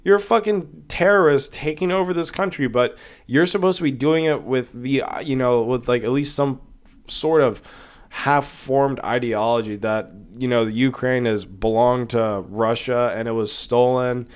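A man's voice: medium pitch, normal speed, clear, resonant tone. A young man talking alone into his podcast mic in a loose, heated rant. He swears freely, circles back on himself and keeps pushing his point. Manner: profane, heated, rambling. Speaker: podcast host. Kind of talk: casual solo podcast rant.

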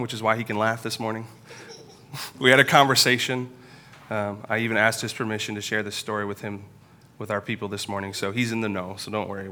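A man in his thirties preaches a sermon from a church pulpit, his voice bright and forward. He tells personal stories in an earnest, confessional way, slowing and pausing as he goes. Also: medium pitch. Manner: earnest, confessional storytelling with pauses. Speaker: pastor.

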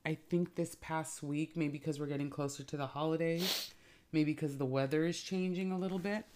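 A woman's voice: sits low, steady tone, normal speed, background noise. A woman co-hosting a casual podcast chat, joking, laughing often and rambling between topics. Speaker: podcast co-host.

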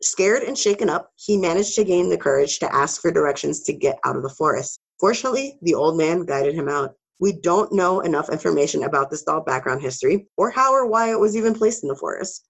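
A woman's voice: deep voice, creaky, low-quality recording. Woman co-host telling spooky stories. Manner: reads spooky stories with casual asides and swearing. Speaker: podcast co-host. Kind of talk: casual storytelling.

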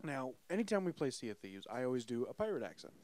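Hoarse, animated podcast man. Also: mid-range voice, fast. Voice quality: animated, swears freely. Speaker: podcast host. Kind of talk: casual chat.

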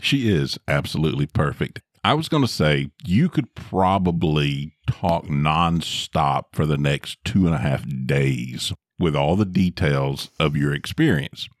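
A middle-aged man co-hosting a podcast, gentle and reflective, offering fatherly advice. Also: very deep voice, animated, unhurried, hardly any pauses, no echo, clean studio sound. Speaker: podcast co-host. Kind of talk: casual chat.

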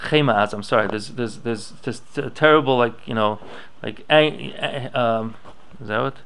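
A man's voice: medium pitch, moderate pace, fairly bright tone, clear, resonant tone. A man giving a Torah class, reading Hebrew and Aramaic passages aloud and explaining them in English, thinking aloud with restarts. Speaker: Torah teacher.

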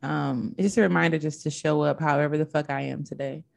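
Low, gravelly-voiced woman chatting. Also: steady tone, fast. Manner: candid, blunt and profane. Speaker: podcast co-host. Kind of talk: casual chat.

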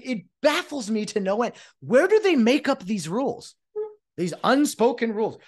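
An extremely high, very animated male voice at a moderate pace belongs to a podcast host in his late thirties, formerly an umpire. Alone at the mic, he rants with exasperation and keeps breaking off to restart sentences.

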